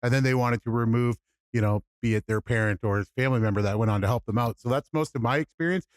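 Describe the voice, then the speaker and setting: A man co-hosting a podcast, talking in a relaxed way with many "you know"s. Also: medium pitch, fast talker, dry recording, clean studio sound. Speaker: podcast co-host. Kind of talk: casual podcast chat.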